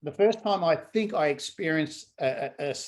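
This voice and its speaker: A man who works as a laughter yoga trainer, talking as a guest in a casual conversation in an animated way and acting out what people say. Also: on the high side, moderate pace.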